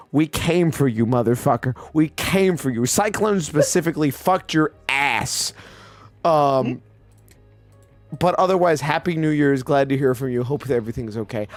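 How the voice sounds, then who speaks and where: A man co-hosting a casual gaming chat, profane and prone to loud yelling outbursts. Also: on the high side, no echo. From Washington state. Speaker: co-host.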